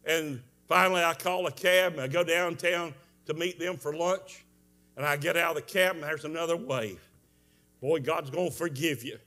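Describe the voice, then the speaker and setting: A man preaching a revival sermon, telling a story with strong emotion, moving from hushed tones to shouts. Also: on the high side, normal speed, faint music behind. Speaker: evangelist preacher.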